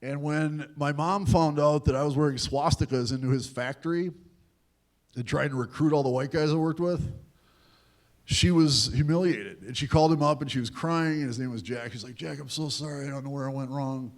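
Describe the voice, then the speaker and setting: A man's voice: a little high, moderate pace. Man telling a candid life story on stage. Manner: candid, self-deprecating, acts out quoted voices. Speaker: guest speaker at a youth event. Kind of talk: personal storytelling talk. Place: large event hall at a university.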